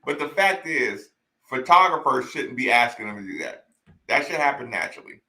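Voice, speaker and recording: A man's voice: mid-range voice, expressive, moderate pace, pushed and bright, roomy sound. A man talking casually as a host, laughing often and repeating himself while reacting to old game footage. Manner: laughs often, repeats lines, addresses "y'all". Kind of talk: casual chat.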